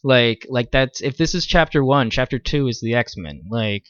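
A man's voice: medium pitch, normal speed, fairly bright tone, smooth, no room sound, lo-fi sound. A man co-hosting a casual podcast chat, rambling and swearing freely, with many fillers and restarts. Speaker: podcast co-host.

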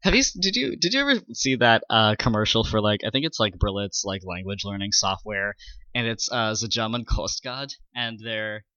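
A man's voice: fairly low pitch, big pitch swings, normal speed, pushed and bright, clean tone, no room sound, lo-fi sound. A man co-hosting a casual podcast chat, telling an anecdote and briefly acting out the voices in it.

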